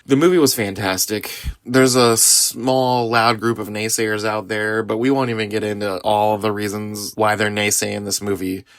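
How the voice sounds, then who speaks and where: A man's voice: lowish voice, little pitch movement, moderate pace, no echo, clean studio sound. A middle-aged man from Southeast Missouri hosting a podcast, giving an earnest, enthusiastic and rambling movie review. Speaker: podcast host.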